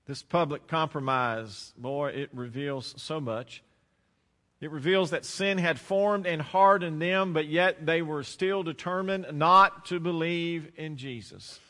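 A man pastor preaching a sermon, praying and then expounding scripture with rising emphasis and dramatic pauses. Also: fairly high pitch, sharp tone, in a large hall.

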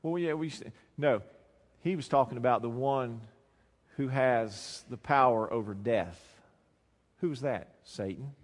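A man preaching a sermon, swinging between quiet, low passages and loud, emphatic lines. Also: unhurried. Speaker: pastor. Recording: long hall reverb.

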